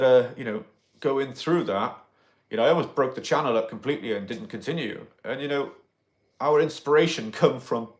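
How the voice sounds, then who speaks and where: A man hosting a casual livestream, rambling with many fillers and greeting viewers by name. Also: medium pitch. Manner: rambling, full of "you know" fillers. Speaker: livestream host.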